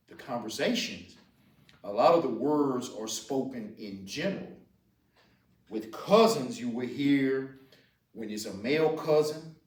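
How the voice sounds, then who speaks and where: Louisiana man, patient teacher, repeats words slowly; roomy sound, set back from the mic. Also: mid-range voice, darkish tone. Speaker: Cajun French teacher. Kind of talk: slow spoken language lesson. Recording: roomy echo, distant mic.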